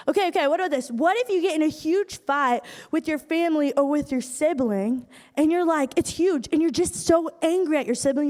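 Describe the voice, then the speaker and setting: A young woman from Iowa giving a lively youth group talk, telling stories with acted asides. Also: high voice. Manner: animated storytelling with acted asides. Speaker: youth speaker. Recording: hall reverb from a live room.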